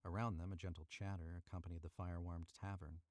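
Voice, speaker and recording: Deep and flat, his delivery comes quickly, with no room sound behind it. He's a voice actor narrating a story on a live stream in a tight booth, chatting casually and rereading lines whenever he stumbles.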